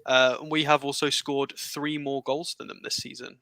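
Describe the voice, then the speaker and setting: A man going through match statistics in a careful, halting manner, filling gaps with ums and uhs. His voice is bright and sharp, and the sound is dry. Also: medium pitch, little pitch movement, dry recording, poor audio. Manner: careful and halting, many fillers. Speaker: stats analyst co-host. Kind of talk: casual football analysis chat.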